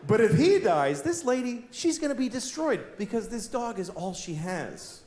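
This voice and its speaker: An exasperated middle-aged comedian working through a stand-up routine, his fairly high voice leaping all over the place. He is heard live on a handheld mic in an echoing venue, with steady room noise behind him. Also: normal speed. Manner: exasperated, acts out voices in wild jumps. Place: comedy stage in a large venue with audience.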